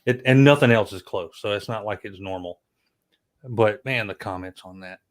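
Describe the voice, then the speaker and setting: A blunt man talking casually with a friend. His voice is fairly low, and he makes his points emphatically, with frequent swearing. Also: moderate pace. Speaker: guest co-host. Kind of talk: casual livestream chat.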